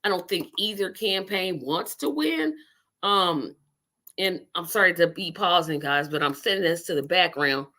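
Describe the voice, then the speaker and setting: A woman's voice: on the low side, animated, moderate pace, sharp tone. A woman hosting a casual political livestream, rambling and talking to her viewers while she multitasks. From Indiana. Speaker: livestream host.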